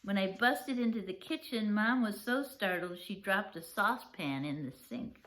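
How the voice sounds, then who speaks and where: An older woman, a grandmother, reading a children's chapter book aloud gently and showing its pictures. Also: medium pitch, expressive. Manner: gentle, unhurried, shows pictures. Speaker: storyteller.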